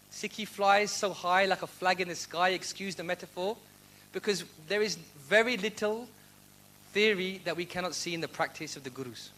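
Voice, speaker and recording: A man from the United Kingdom giving a lively lecture to a university audience, energetic and quizzing the listeners. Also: high-pitched, a little hiss or hum. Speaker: guest speaker.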